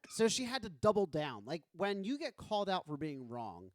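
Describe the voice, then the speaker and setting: High, lively joking podcast host man. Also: normal speed, no echo. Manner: animated, joking, acts out quoted lines. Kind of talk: casual chat.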